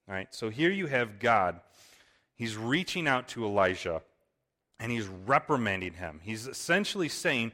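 A man's voice: lowish voice, sing-song, moderate pace, pushed and bright. Man teaching a Bible passage. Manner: explanatory, often adds "right?".

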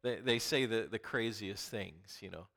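A man preaching a conversational sermon as pastor, animated and playful, often restarting and repeating words as he goes. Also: lowish voice, moderate pace, gravelly.

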